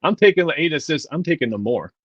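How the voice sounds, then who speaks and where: A confident, jokey man gives his picks on a sports betting panel. His voice is fairly high. The audio is dull and lo-fi, with a dry, close sound. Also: animated, fast talker, a bit bright, slightly rough, no echo. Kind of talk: sports betting show chat.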